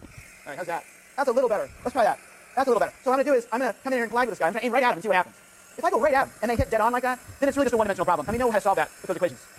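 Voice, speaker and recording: A physics professor with a very high-pitched voice races through a lecture in a lecture hall, his intonation lively, running a live demonstration. He thinks aloud with frequent restarts and "right?" checks, and there is slight background noise.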